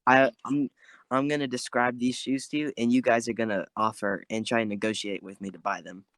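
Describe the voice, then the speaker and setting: A man's voice: medium pitch, fairly even intonation, brisk, fairly bright tone, no room sound. A man chatting casually with friends on a podcast, rambling with lots of fillers, talking from his closet. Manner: rambling, many "like" and "um" fillers, playful. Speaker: podcast co-host.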